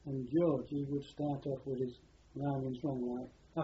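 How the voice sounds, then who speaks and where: A man's voice: mid-range voice, fairly even intonation, a little slow. An older man with a rambling, repetitive way of talking, recalling his wartime past in an oral history interview. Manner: rambling, repeats words while recalling. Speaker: interviewee, former prisoner of war. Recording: dull lo-fi archive tape with faint hiss.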